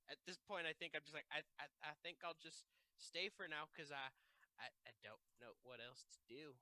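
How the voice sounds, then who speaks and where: High, lively man playing a tabletop game. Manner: excitable and giggly, thinking aloud. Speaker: player.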